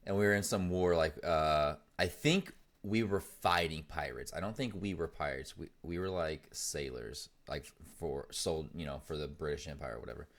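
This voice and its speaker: A man's voice: very deep voice, normal speed, few pauses. A man in his twenties, co-hosting a podcast as casual chat, rambling, laughing often and swearing freely at a desk mic. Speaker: podcast co-host. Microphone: desk mic setup.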